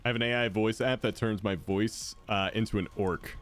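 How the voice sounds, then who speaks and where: A man's voice: lowish voice, fairly even intonation, moderate pace, faint music behind. A man chatting casually with his viewers while playing a game live, laid-back and reacting as he goes. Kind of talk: casual live-stream chat while gaming.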